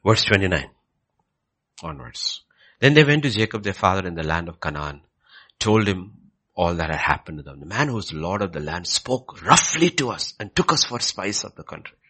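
Deep gravelly male preacher. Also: expressive, normal speed, slight background noise. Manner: swings from low murmurs to loud, high emphatic bursts; asks the congregation questions and repeats key phrases. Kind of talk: sermon with Bible reading.

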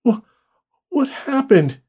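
A man voicing a badly injured, trapped wife who pleads in a breathless, halting voice. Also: high-pitched, lively intonation, darkish tone, breathy edge, pitched above the performer's own voice, exaggerated voice. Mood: panicked.

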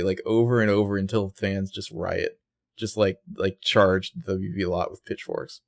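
A man's voice: fairly low pitch, normal speed, no echo. A man co-hosting a casual podcast, discussing a TV episode with wry, joking asides. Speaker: podcast co-host. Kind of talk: casual TV recap chat.

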